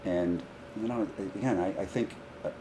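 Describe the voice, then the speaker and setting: A deep-voiced man chatting about coaching high school golf. He tells stories with energy and slips into the voices of the people in them, over a light hiss of background noise. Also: moderate pace. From Rhode Island, US. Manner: animated, acts out dialogue in stories. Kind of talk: casual podcast storytelling.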